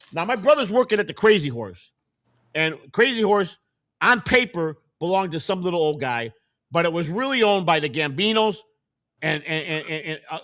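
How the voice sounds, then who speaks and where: Male host, emphatic storyteller, bright voice, lively pitch. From Chicago. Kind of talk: casual conversational interview.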